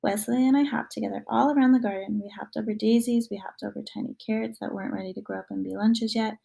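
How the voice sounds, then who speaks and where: A woman reading a children's picture book aloud, with gentle, expressive storytelling. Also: mid-range voice, fast, gravelly, slightly rough, rough recording. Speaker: reader.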